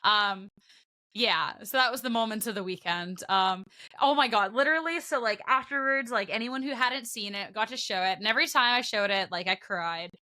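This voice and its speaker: A young woman co-hosting a podcast, telling a long story in lively, casual chat, laughing often as she goes. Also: medium pitch, moderate pace. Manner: animated storytelling with frequent laughter. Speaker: podcast co-host and broadcast commentator.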